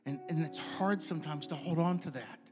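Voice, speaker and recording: A man in his fifties giving an informal, conversational sermon, acting out his inner dialogues in lively voices and closing in prayer. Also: a little high, fairly quick. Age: 50s. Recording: music playing behind.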